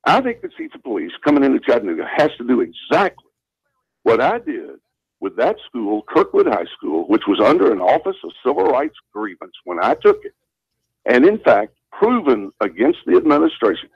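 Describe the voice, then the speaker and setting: An older Southern man speaks in a husky, slightly rough voice, his pitch rising and falling in a lively way as he tells his story. He talks earnestly on a talk radio show and repeats phrases for emphasis. The sound is dry and muffled, like a lo-fi radio broadcast. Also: normal speed, dry recording. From Southern United States. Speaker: radio show guest, former school principal.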